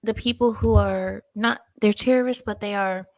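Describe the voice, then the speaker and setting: Woman cohost on a politics stream, gravelly voice, bit out of breath, dry close mic. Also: medium pitch, fairly even intonation, moderate pace, a little mellow, no echo. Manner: conversational, reads viewer comments aloud, searches for words. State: a little out of breath. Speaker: co-host of a political talk stream. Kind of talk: casual political discussion.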